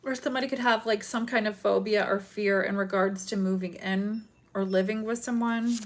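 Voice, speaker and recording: A woman's voice: mid-range voice, fairly even intonation, moderate pace. Woman, tarot reader, chatty and giggly, rambling delivery, noisy home stream, shuffling cards. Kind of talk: live tarot reading.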